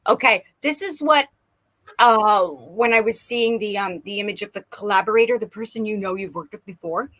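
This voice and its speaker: A woman giving a playful live tarot reading, animated and quick to laugh. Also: medium pitch. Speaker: tarot and oracle card reader. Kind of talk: live-stream card reading.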